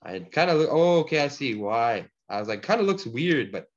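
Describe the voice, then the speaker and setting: A man teaching a language class, patiently explaining word forms and repeating each example slowly for the learners. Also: mid-range voice, sing-song. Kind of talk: online language lesson. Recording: dull lo-fi audio.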